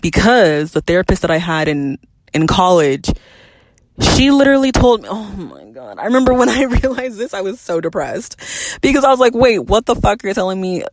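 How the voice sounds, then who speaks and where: A woman's voice: medium pitch, sing-song, moderate pace, dry recording. A young woman in her twenties hosting a candid personal podcast, talking frankly and animatedly, swearing freely and laughing between thoughts. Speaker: podcast host.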